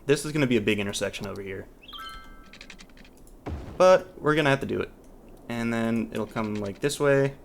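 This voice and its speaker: A man's voice: medium pitch, normal speed, vocal fry, pauses often, a little hiss or hum. A man hosting a let's play, talking casually as he thinks aloud, restarting sentences and trailing off, with mild exasperation. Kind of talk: casual gameplay commentary.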